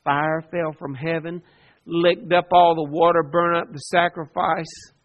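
Man, preacher, sermon, high-pitched, expressive, loud-to-hushed swings, dull lo-fi recording. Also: slow pace. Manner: expressive, swings between loud emphasis and quiet asides, acts out quoted characters.

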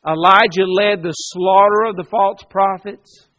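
Here a high-pitched man delivers a sermon at a slightly slow, steady pace, alternating booming emphasis with hushed asides and performing the voices of those he quotes. The audio sounds dull.

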